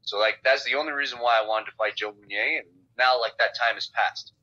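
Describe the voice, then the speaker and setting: Over a dull, lo-fi phone line, a man interviewed as a guest fighter speaks bluntly and ramblingly, swearing often. His mid-range voice is steady in tone, brisk, pushed and bright.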